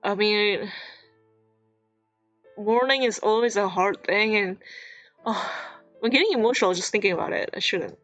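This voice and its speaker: A woman's voice: mid-range voice, animated, normal speed, long pauses, fairly bright tone, faint music behind. Woman, game streamer, reads story text aloud, casual emotional commentary, slightly dull sound.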